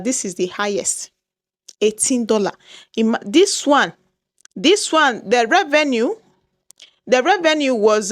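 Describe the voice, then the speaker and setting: Nigerian woman YouTuber, high-pitched, dry close sound, dramatic and exclamatory, repeats lines. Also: dry recording. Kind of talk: casual vlog talk to viewers.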